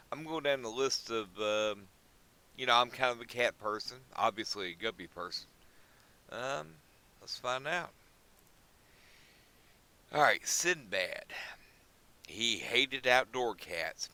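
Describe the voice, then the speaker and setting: A man's voice: on the low side, pushed and bright, smooth, poor audio. A middle-aged man hosting a pet channel, rambling folksily to his viewers with lots of fillers. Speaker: pet and fish-keeping channel host. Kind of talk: casual chat to viewers.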